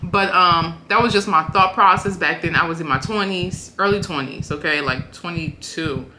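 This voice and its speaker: A woman's voice: lowish voice, normal speed, sharp tone, roomy sound, slight background noise, low-quality recording. A woman in her thirties, a family vlogger, chatting casually about how she met her husband, flustered and giggly, often tacking on "okay?". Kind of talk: casual storytelling chat.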